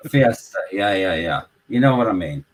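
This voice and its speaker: A man with a Yorkshire accent, calling in and telling a story in casual chat, swearing constantly and animated. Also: sits low, normal speed, low-quality recording. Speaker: caller.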